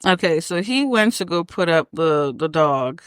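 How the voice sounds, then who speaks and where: A woman co-hosting a podcast, retelling a film scene in a lively, blunt, joking way. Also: sits low, unhurried, smooth, no echo, studio quality. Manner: animated storyteller, acts out characters, blunt and profane. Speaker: podcast co-host. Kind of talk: casual movie recap chat.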